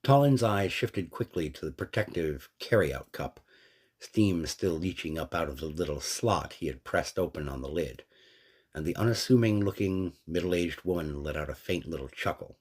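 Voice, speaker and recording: A man narrating a fan story in a steady, descriptive way. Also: sits low, normal speed, slightly rough.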